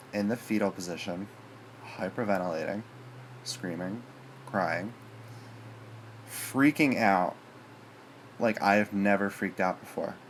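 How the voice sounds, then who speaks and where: A man's voice: sits low, a little hiss or hum. A man telling a personal story to his viewers in a rambling, hesitant way, full of fillers and restarts. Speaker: vlogger.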